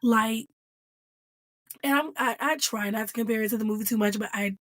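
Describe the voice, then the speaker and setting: A woman giving a casual, animated reaction review of a TV episode, playful and full of slang. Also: a little high, moderate pace, dry recording.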